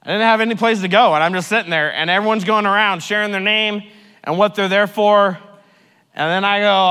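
A man in a recovery ministry preaches with a bright, slightly high voice, mixing his own story with scripture. His delivery is lively, loud and jokey one moment and hushed and earnest the next. Long reverb from a large hall trails each phrase. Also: fairly quick, smooth. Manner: animated, swings from loud joking to hushed earnest. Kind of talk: sermon with personal testimony.

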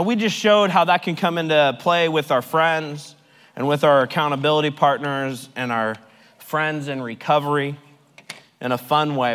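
A man preaching a sermon with personal testimony at a recovery ministry, swinging between loud joking and hushed, earnest delivery. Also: fairly high pitch, big-room sound.

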